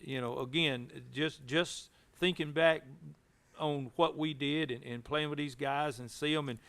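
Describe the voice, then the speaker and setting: Reflective man, slightly high voice. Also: fairly even intonation, a bit bright, smooth. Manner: reflective, repeats words, slow pauses. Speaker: guest. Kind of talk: casual reminiscing.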